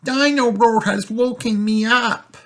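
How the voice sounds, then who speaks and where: A man voicing a cheerful little girl piglet in a read-aloud storybook, in a high, chirpy put-on child voice. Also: fairly even intonation, slow pace, a bit bright, exaggerated voice. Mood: excited.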